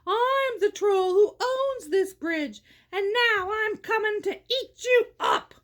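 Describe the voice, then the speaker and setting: A woman's voice: very high-pitched, lively intonation, slow, heavily acted. A woman voicing a big, angry male troll in a read-aloud story, bellowing and menacing. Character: big gruff male troll, rage-filled bully.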